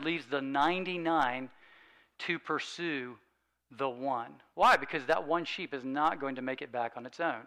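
A man preaching a sermon, earnest and emphatic, slowing down to read scripture and dropping soft on key points. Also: fairly high pitch, poor audio.

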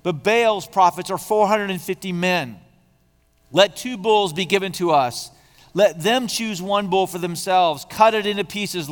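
A man reading out a bold prophet, defiant and loud, kinda high voice, big hall echo. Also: smooth, lightly acted. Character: bold defiant male prophet challenging a king.

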